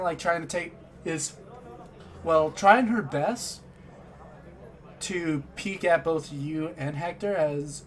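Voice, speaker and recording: A man's voice: fairly high pitch, slight background noise. A man narrating as game master in a loose, rambling, self-correcting way.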